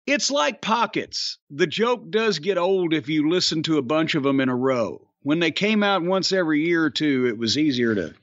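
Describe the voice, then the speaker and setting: Middle-aged male host, profane and rambling, high lively voice on a dry, dull recording. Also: normal speed, few pauses, no room sound. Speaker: podcast host. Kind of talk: casual chat.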